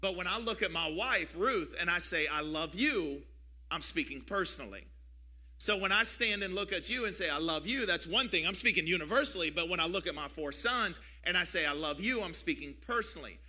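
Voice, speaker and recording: Bright-voiced preaching pastor, a man. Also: lively intonation, fairly quick. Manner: calls for audience response, repetitive preaching cadence; builds to louder, higher passionate preaching. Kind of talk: sermon.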